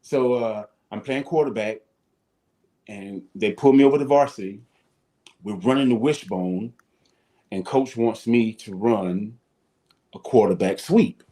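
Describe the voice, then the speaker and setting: A man, a former football player telling animated stories as a guest on a talk show. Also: on the low side, measured pace, pauses often. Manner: animated storyteller, acts out his coaches and shouts. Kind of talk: storytelling in a talk-show interview.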